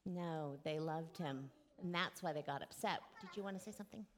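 A woman in her forties giving a children's sermon, gently asking the children questions and drawing them into the story. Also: deep voice, a little fast. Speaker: children's message leader.

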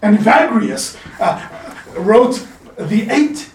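A man preaching a sermon in a chapel, animated and playful, calling on the congregation to answer him. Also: sits high, takes it slowly, a little hiss or hum. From South Africa. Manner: animated, playful, calls for audience response. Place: chapel in the mountains. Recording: echoey chapel, voice from a distance.

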